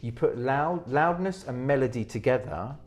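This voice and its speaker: A man's voice: medium pitch, expressive, normal speed, a little mellow, soft background music. A man giving presentation advice in an interview as a speaking coach. He talks energetically, often restarting his sentences, and demonstrates techniques as he goes.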